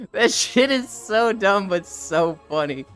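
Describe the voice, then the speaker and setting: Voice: mid-range voice, fairly bright tone. A live streamer walking while chatting casually, retelling funny stories with lots of laughter and swearing, and acting out the people in them. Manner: laughs often, swears, acts out quoted voices.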